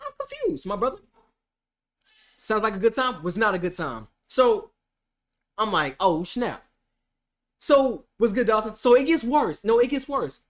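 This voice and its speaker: Animated, profane storytelling man. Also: high-pitched, moderate pace, long pauses. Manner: animated, profane, swings between loud outbursts and hushed asides. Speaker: streamer. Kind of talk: comedic storytime.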